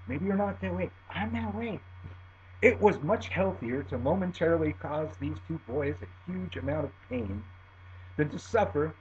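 A middle-aged man spins a profane personal tale, his voice fairly high and swooping through a lively range as he swings between loud bursts and low mutters. The recording sounds dull and lo-fi, with a faint hum underneath. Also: moderate pace.

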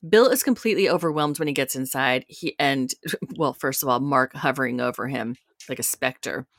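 A woman co-hosting a podcast, chatting casually and retelling a reality show in an animated way. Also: rumbling low, a little fast, dry recording, studio quality. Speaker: podcast co-host.

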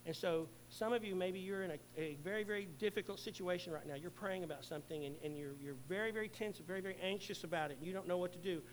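A middle-aged male pastor preaching a sermon, earnestly, swelling loud and then dropping to a hush. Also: sits high, fast talker, hardly any pauses, a little hiss or hum, low-quality recording.

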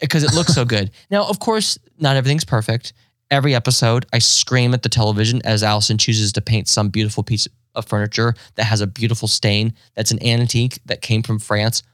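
A man chatting casually as a podcast co-host, animated and laughing, acting out quotes in exaggerated voices. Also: mid-range voice, no echo, clean studio sound. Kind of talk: casual chat.

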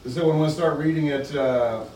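A man's voice: on the high side, steady tone, fairly quick, warm tone. A man leading a group book discussion and reading passages aloud, inviting and thoughtful. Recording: roomy, distant mic.

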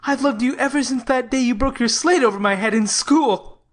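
A woman's voice: a little high, moderate pace, pitched above the performer's own voice, lightly acted. A woman voicing an earnest young man in love, a student doctor, speaking tenderly in an audiobook. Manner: tender, heartfelt confiding. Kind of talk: audiobook character reading.

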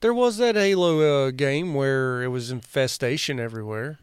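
A man's voice: medium pitch, moderate pace, clean tone, dry recording, clean studio sound. A man in a casual chat, tossing out offhand quips.

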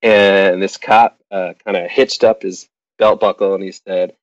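Deep-voiced and unhurried, this middle-aged storyteller shares a personal tale with an audience, animatedly performing other people's lines. There's no echo, and the recording is dull and lo-fi.

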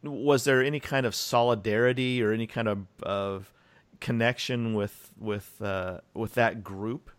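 A man hosting a podcast interview, who laughs easily and asks relaxed follow-up questions. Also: on the low side, a little slow. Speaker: podcast host. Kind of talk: casual interview.

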